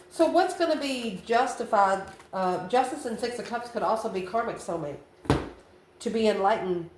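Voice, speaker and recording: A woman reading tarot cards in a loose, chatty way, calling the listener honey and laughing between cards. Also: mid-range voice. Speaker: tarot reader. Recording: roomy echo, faint ambient noise.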